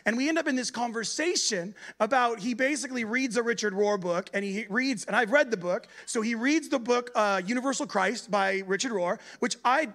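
A man preaching at a church gathering in a lively, conversational way, acting out other people's voices. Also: extremely high pitch, a little fast, hardly any pauses. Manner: animated, conversational, acts out voices. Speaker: guest preacher. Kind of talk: sermon.

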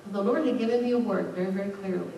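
A woman's voice: mid-range voice, very fast, gravelly, dark tone, slight background noise. Woman pastor preaching in an echoey church. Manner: conversational preaching, rising to emphatic outbursts. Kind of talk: sermon. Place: church sanctuary. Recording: very echoey, distant church recording.

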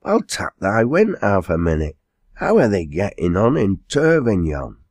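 A man's voice: lowish voice, wildly swooping pitch, unhurried, a little mellow, slightly rough, no echo, studio quality, exaggerated voice. A man doing a jovial Lancashire yard servant. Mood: hearty. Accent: Lancashire dialect. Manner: broad dialect, sing-song and jovial. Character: old male yard servant, cheery and hungry.

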